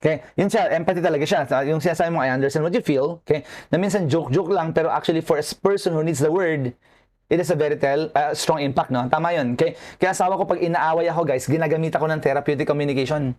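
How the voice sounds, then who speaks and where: A man's voice: on the high side, very fast, a little mellow. A man with a Filipino accent giving a nursing lecture online, joking and chatty, and constantly checking in with his students. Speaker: nursing professor.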